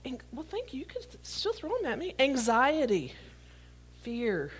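A woman's voice: high voice, huge pitch swings, moderate pace. A woman preaching a sermon to a congregation, reading scripture and joking as she catches props. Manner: playful, talks to the congregation, jokes while catching props. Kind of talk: sermon with a live prop illustration.

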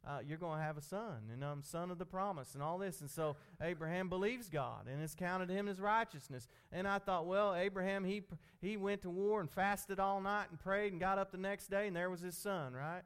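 Folksy preacher, high clear voice. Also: male voice, moderate pace, hardly any pauses, fairly bright tone. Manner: folksy, conversational, repeats himself. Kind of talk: informal sermon.

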